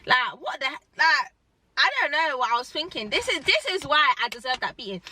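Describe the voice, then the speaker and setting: A young woman, telling a storytime in a rambling, animated way and saying "like" often. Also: high voice, fairly quick, no echo. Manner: animated, rambling, heavy use of "like". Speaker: vlogger. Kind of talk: casual storytime chat.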